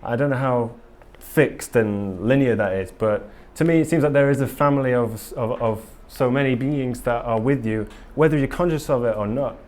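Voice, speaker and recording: Hardly pausing, a man with a mid-range, slightly mellow voice speaks at normal speed during a casual conference-room talk before a live audience. He's earnest but rambling, full of ums and restarts.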